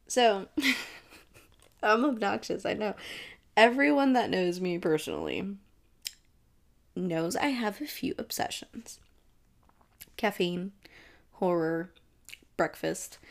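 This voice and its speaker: A woman's voice: medium pitch, sing-song, slow, vocal fry, long pauses. A young woman hosting a casual solo podcast, chatty and blunt, and she swears freely. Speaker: podcast host.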